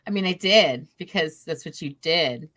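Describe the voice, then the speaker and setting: A woman chatting casually as a podcast guest, telling stories in a giggly, animated way. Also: sits low, moderate pace.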